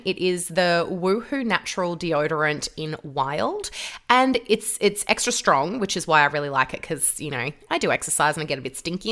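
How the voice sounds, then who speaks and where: A woman's voice: fairly low pitch, a bit bright. A woman hosting a podcast, chatting in a rambling, casual way with many fillers. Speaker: podcast host. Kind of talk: casual chat.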